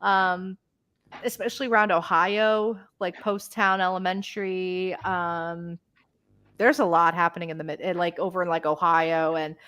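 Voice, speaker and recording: Bright-voiced chatty American woman. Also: on the low side, little pitch movement, moderate pace, smooth. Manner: chatty, many fillers, laughs easily. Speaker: paranormal investigator guest. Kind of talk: casual interview chat.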